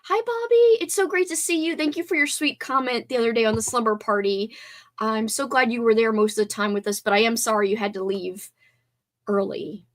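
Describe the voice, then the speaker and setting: A woman's voice: on the high side, fairly quick. A woman hosting a casual livestream, chatting and reading viewer comments aloud. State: teary, voice breaking. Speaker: livestream host.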